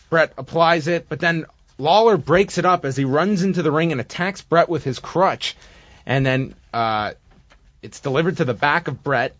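A man with a slightly higher voice talks through a recap in loose, casual podcast chat. He gets animated when he acts things out. The sound is dull and dry, with a lo-fi edge. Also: dry recording. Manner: chatty recapping, animated when acting out moments. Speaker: podcast co-host recapping wrestling.

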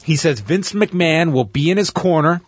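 A man's voice: fairly high pitch, moderate pace, dry recording, clean studio sound. A Canadian man hosting a podcast, animatedly recapping events in casual chat and laughing along. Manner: animated storyteller who laughs while recapping. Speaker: podcast host.

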